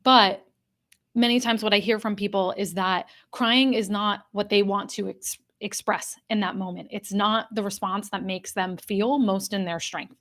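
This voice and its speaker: An earnest woman coach leads a live online class, her pitch sitting in an ordinary middle range. She speaks straight to the people in the chat and repeats her main points so they sink in. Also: fairly even intonation, moderate pace, a bit bright. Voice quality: addresses a live chat audience directly. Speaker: executive coach. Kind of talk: live online workshop talk.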